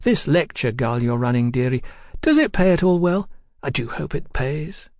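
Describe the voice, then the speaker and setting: A man's voice: expressive, normal speed, a little mellow, no echo, studio quality, close to an everyday voice. A man voicing a flighty, forward Englishwoman living abroad, coaxing and pleading. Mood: mocking. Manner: coaxing, pleading, high-strung.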